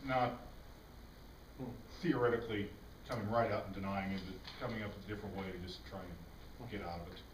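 A man in a study group poses a musing question to the teacher. His voice is fairly low and heard from well off the mic, with room echo and a faint background hum. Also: steady tone, fairly quick, long pauses. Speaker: class participant. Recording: distant voice in an echoey room.

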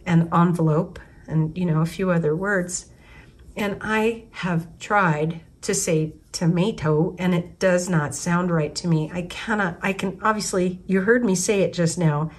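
Rambling woman thinking aloud. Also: on the low side. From United States. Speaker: artist. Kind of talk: casual spoken reflection.

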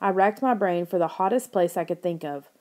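A woman reading a story aloud as audiobook narration, in an expressive telling voice. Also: fairly low pitch, fairly quick. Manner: expressive reading, raises her voice for characters' lines.

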